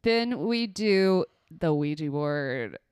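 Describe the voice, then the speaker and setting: A young woman co-hosting a casual movie podcast, talking in an animated way with laughs and quick asides. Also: deep voice, smooth, no room sound, studio quality. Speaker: podcast co-host.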